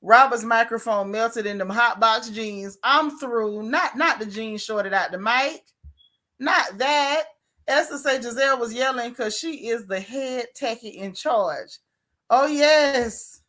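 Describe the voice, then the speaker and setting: A woman hosts her own channel, gossiping casually and exclaiming in disbelief. Her voice sits fairly high and comes across bright and forceful. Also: slow pace. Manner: sassy, animated, exclaiming. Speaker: YouTube commentator.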